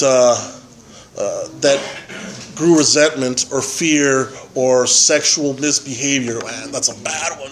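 A man giving a personal testimony at a recovery meeting, halting and full of fillers and tag questions. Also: medium pitch, poor audio. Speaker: member sharing at a recovery meeting.

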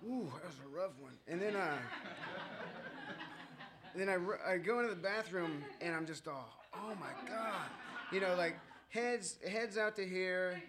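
A man's voice: sits high, animated, moderate pace, background noise. A man sharing his own story with a group at a recovery meeting. He rambles and mocks himself, with many fillers and chuckles.

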